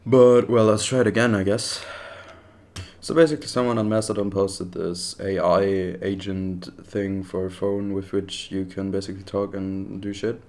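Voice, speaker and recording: A man's voice: low-pitched, level tone, normal speed, darkish tone. A man whose first language is German, trying out a phone AI agent in casual, frustrated commentary. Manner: frustrated, profane, offhand. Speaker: vlogger testing a phone AI agent.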